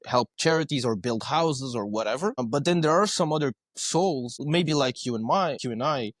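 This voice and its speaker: A man's voice: mid-range voice, expressive, moderate pace, no room sound, clean studio sound. A male podcast guest telling stories in a conversational way, earnest, often checking in with "right?" and repeating his words. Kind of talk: conversational storytelling.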